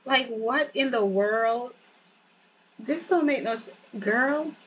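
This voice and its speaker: A woman's voice: a little high, slow pace, a bit bright, muffled recording, slight background noise. Chatty young woman narrating a game. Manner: chatty, slangy, amused asides to viewers. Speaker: gaming channel host. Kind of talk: casual gameplay narration.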